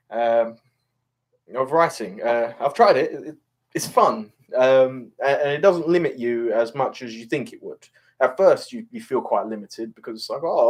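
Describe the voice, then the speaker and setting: A man casually talking about a play he just read, hesitant and rambling with many fillers but enthusiastic. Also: mid-range voice. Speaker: reader discussing Shakespeare. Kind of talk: casual spoken commentary.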